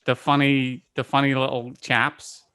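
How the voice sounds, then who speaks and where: A man playing a wry, deadpan party guest in a tabletop role-play. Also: mid-range voice, unhurried, clear, resonant tone, no echo, studio quality.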